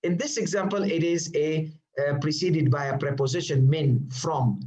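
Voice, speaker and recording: A man's voice: fairly high pitch, normal speed, darkish tone, poor audio. A man teaching Arabic grammar in English, posing questions and answering them himself with patient repetition. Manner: repeats terms patiently, many fillers. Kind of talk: classroom lecture.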